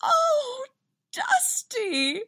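A woman voicing a doting, excitable mother who sounds ready to cry with joy, high and emotional. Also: extremely slow, full character voice. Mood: gushing.

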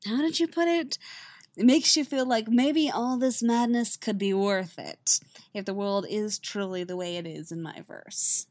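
A woman's voice: medium pitch, measured pace, darkish tone, no room sound, close to an everyday voice. A woman voicing a playful, affectionate young male bard.

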